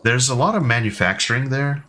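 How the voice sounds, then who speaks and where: A man's voice: mid-range voice, lively intonation, fairly quick, pushed and bright, faint music behind. A man in his thirties chatting casually with his stream viewers, rambling and hesitant with lots of ums and restarts. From United States. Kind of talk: casual live-stream chat.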